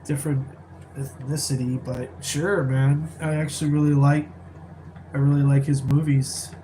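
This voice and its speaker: Brief: male live-streamer, relaxed rambling chat, slightly high pitch, faint background hiss. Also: moderate pace. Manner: rambling, laid-back, many fillers. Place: rented apartment, keeping voice down.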